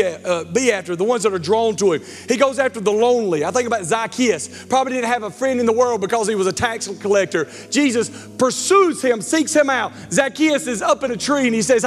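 A man, preaching a sermon as pastor, animated and joking, stumbling over words. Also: extremely high pitch. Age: 40s. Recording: church hall reverb with faint music.

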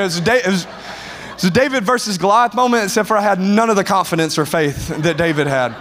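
A man, preaching with an energetic, self-mocking storytelling manner. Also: high-pitched, brisk, a little hiss or hum. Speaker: pastor. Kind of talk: humorous storytelling sermon. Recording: long hall reverb.

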